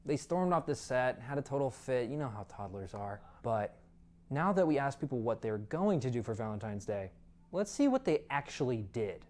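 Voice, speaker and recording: A man's voice: medium pitch, sing-song, normal speed, a little mellow. A man hosting a student comedy show, teasing a guest in mock baby talk. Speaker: show host. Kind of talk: comedic sketch banter.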